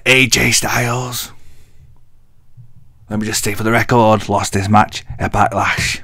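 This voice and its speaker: A man with a deep voice, rambling jokily through a casual wrestling recap with self-mocking asides. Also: gravelly, a bit bright, no room sound, clean studio sound. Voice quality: deep, masculine. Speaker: wrestling vlogger.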